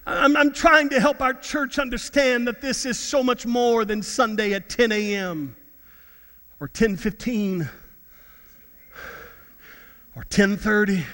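Middle-aged preacher guy, really high bright voice, fired up, sings a bit, big churchy reverb. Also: slow, pauses often. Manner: fervent, repeats words, breaks into song. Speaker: pastor. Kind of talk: sermon.

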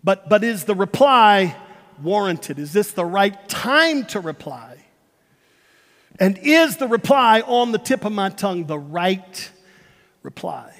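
A man preaching a sermon, emphatic, repeating words and swinging between loud and hushed. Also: sits high, very animated, slow pace. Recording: long hall reverb.

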